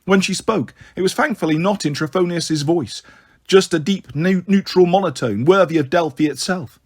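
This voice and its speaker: A man's voice: high-pitched, moderate pace, husky. Man narrating an audiobook expressively. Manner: expressive, dramatic first-person reading. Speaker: storyteller.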